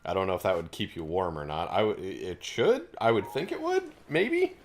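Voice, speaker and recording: A man's voice: low-pitched, sing-song, moderate pace. A man chatting casually as co-host of a game playthrough, rambling and hesitant with many restarts, and coughing now and then from a lingering chest cold. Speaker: co-host commenting on gameplay. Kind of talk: casual let's-play chat.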